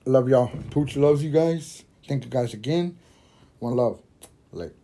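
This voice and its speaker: Stoned male podcaster, loose rambling delivery, curses constantly, mellow tone. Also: mid-range voice, a little slow. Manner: rambling, heavy swearing, laughs at own jokes. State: high while smoking. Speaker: podcast host. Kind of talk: casual storytelling monologue.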